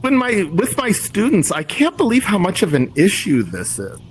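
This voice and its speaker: A man's voice: high-pitched, huge pitch swings, normal speed, slight background noise. A middle-aged man talking in a casual group discussion, thoughtful and rambling with many restarts. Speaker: discussion host.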